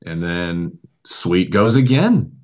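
A man's voice: low voice, slow pace. A man co-hosting a podcast, telling a long story in casual chat and swearing often. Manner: profane, animated storyteller. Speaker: podcast co-host.

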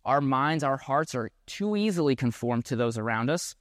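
A man delivers a sermon in a steady middle-pitched voice, earnest and reflective, now and then restarting a phrase. The sound is dry and close, with almost no room echo. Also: normal speed. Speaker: pastor.

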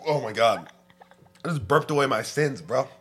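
A man's voice: mid-range voice, animated, moderate pace, a bit bright, husky, soft background music. A man in casual podcast chat as a guest, joking, swearing freely and laughing often. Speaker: podcast guest, singer in a band.

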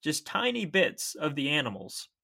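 A man's voice: a little high, huge pitch swings, moderate pace, vocal fry, sharp tone. A young man co-hosting a podcast, explaining science facts in an easy, chatty way. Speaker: podcast co-host. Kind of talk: casual science podcast chat.

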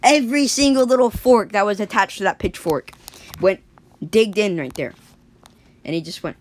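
A woman casually telling an improvised story, rambling and animated, with sound effects. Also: mid-range voice, normal speed.

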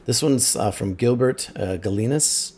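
A man's voice: mid-range voice, a little slow, a little mellow, slightly rough. A man co-hosting a tech podcast, enthusiastically recommending tools and films. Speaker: podcast co-host. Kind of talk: casual tech podcast chat.

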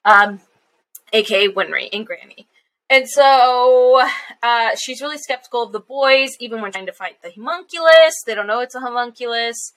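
A woman co-hosting a podcast, recapping an episode in a casual, chatty way with laughs and quick asides. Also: on the high side, a bit bright. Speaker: podcast co-host.

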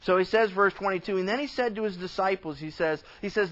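A man, a pastor, teaching a Bible passage in an impassioned sermon, swinging from loud emphatic lines to quiet asides and acting out bits of dialogue. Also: sits high, highs cut off. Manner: acts out dialogue with God and others in quick conversational voices.

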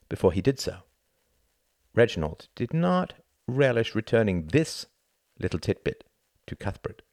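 A man reading a novel aloud as an audiobook narrator, in an expressive style. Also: low voice, dry recording, clean studio sound. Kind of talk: scripted narration.

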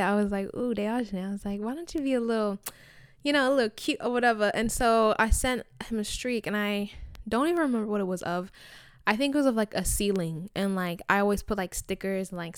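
A young woman telling a story straight to camera, chatty and animated, full of filler words. Her voice is smooth and clear, recorded close and dry. Her pitch sits in an ordinary middle range. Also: no room sound. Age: young adult. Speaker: vlogger. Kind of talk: casual storytelling.

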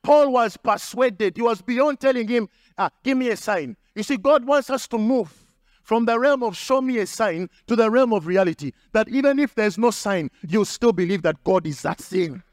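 High-pitched guy preaching hard, repeats lines for punch, close dry mic. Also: animated, normal speed, no room sound. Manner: emphatic preaching with repetition and acted quotes. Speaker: pastor. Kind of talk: sermon.

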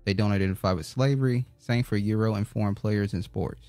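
A man's voice: lowish voice, a little fast, darkish tone, no echo, faint music behind. A man co-hosting a casual podcast, making blunt, wry asides. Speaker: podcast co-host. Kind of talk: casual chat.

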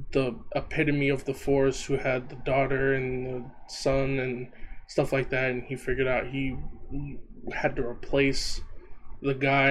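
Man co-host with faint background noise. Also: medium pitch. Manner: pushes back, reads facts aloud. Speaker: podcast co-host. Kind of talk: casual podcast chat.

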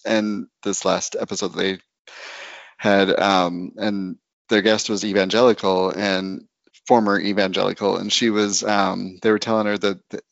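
A man's voice: on the low side, a bit bright, dry recording. A man hosting a casual podcast chat, rambling through tangents and laughing often. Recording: dry, muffled lo-fi sound.

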